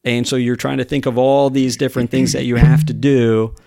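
A man talks as a podcast guest with a gravelly, fry-edged voice. His speech rambles through plenty of fillers while he retells conversations in other people's words. The sound is close and dry. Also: mid-range voice, level tone, brisk, mellow, no room sound. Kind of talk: casual conversation.

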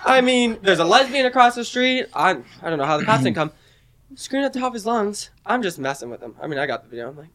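A man's voice: high-pitched, big pitch swings, quick pace, a bit bright. A man telling a story with lots of laughter in a casual chat.

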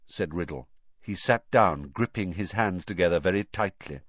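A man narrating a storybook in an expressive reading style. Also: sits low, normal speed, dry recording. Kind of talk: audiobook narration. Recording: dull, dry recording.

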